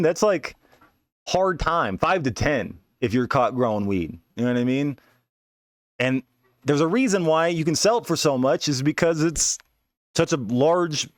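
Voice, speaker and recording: A man's voice: on the high side, dry recording, studio quality. A young man, telling a wild personal story as a podcast host in a rambling, profane way with many restarts. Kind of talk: casual storytelling monologue.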